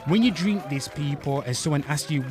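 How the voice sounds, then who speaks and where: Over background music, a young man fronts his channel with comedic bravado, hawking merch, addressing viewers, and getting crude and repetitive. His voice runs on the high side, expressive and at a moderate pace.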